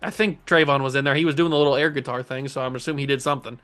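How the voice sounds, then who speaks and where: A young man casually commentating his own video game play as a channel host, excitable and jokey, talking to the players on screen. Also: medium pitch, very fast, soft background music. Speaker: gaming YouTuber host.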